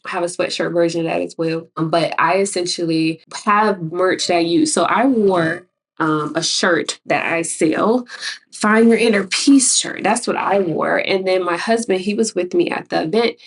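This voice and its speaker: A woman's voice: on the low side, normal speed, breathy edge, recorded from a distance. Chatty Chicago woman vlogger. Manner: chatty, rambling, self-interrupting with laughs. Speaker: artist and graphic designer. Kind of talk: casual tips vlog.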